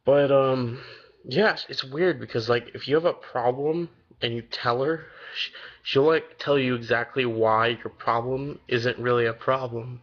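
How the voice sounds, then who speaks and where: A man's voice: medium pitch, fairly even intonation, measured pace, highs cut off. An eighteen-year-old man telling a long story in a casual vlog, rambling and swearing freely with lots of fillers. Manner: rambling, loose and profane, many fillers. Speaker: vlogger.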